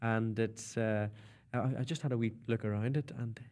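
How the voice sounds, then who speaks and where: A man's voice: lowish voice, normal speed, a little mellow. A young man with a Northern Irish accent, a comedian guest telling stories in a radio interview. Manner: chatty storytelling, slipping into mimicked voices.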